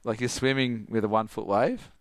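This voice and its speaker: A middle-aged Australian man, a surf coach, telling a story in casual chat, animated and laughing, full of "like". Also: on the low side, fairly quick, no echo. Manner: animated, laughing, heavy use of "like".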